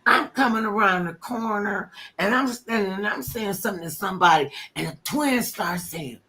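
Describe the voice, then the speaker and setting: An older woman tells stories in casual conversation. She acts out quotes, jumping from loud bursts to hushed whispers. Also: mid-range voice, normal speed. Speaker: former talk show host telling stories. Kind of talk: casual storytelling interview.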